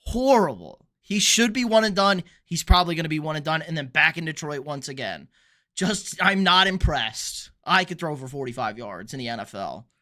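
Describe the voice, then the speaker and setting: A man's voice: on the high side, bright, forceful tone. A young man hosting a sports livestream, chatting casually, reading out chat messages and giving blunt, profane opinions. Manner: blunt, swears, reads chat aloud.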